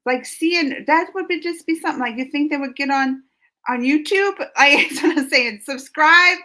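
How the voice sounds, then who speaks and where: High-voiced Southern woman chatting live. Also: moderate pace, sharp tone. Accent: Southern US, New Orleans. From New Orleans, US South. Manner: chatty, laughs often, trails off and restarts. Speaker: YouTube reaction host reading live chat. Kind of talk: casual live-stream chat.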